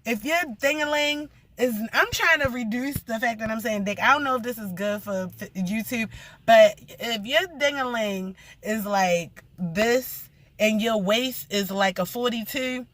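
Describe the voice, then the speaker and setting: A woman's voice: a little high, unhurried, fairly bright tone, dry recording. A young woman rambling through a blunt, profane story in a casual vlog rant.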